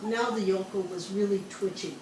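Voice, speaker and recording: A woman telling jokes in an unhurried, dry way. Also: mid-range voice, fairly even intonation. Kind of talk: casual joke telling. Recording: distant, echoey room with background noise.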